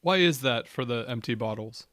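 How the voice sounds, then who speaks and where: A man's voice: medium pitch, expressive, normal speed, fairly bright tone, no echo. A man co-hosting a podcast, asking curious, thoughtful questions in casual conversation.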